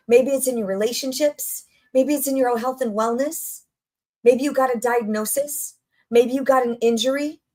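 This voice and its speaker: A middle-aged woman coaching her audience in an upbeat motivational talk. Her voice sits a little high, and she speaks conversationally, stacking rhetorical questions and repeated phrases. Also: mellow.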